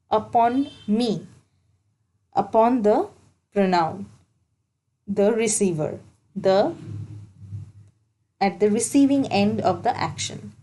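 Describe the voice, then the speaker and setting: This exam-prep grammar lesson comes from a female English teacher whose mid-range voice sounds mellow. She breaks things down step by step, returning to key points, and the recording is rough.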